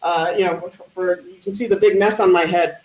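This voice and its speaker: A man doing stand-up one-liners at an online talent show, with a deadpan punning delivery and hesitant fillers. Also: sits high, brisk. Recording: echoey room.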